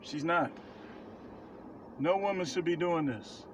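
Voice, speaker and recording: A man preaches advice straight to camera, blunt and emphatic, hammering points with repetition. His voice sits a touch high for a man. Faint vehicle noise hums in the background. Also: slow pace. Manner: blunt, emphatic, repeats himself for stress. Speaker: self-described prophet giving life advice. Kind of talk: casual preaching monologue to camera.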